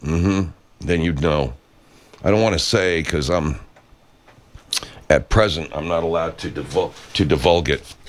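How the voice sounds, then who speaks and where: Low-voiced rambling man with a crude streak. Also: moderate pace. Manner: rambling, crude, jokey asides. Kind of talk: loose comic radio talk.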